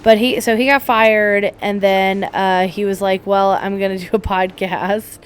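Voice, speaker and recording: A woman's voice: mid-range voice, unhurried, a little hiss or hum. Chatty woman podcast co-host. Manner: chatty, animated storytelling with acted-out quotes. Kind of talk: casual chat over a game playthrough.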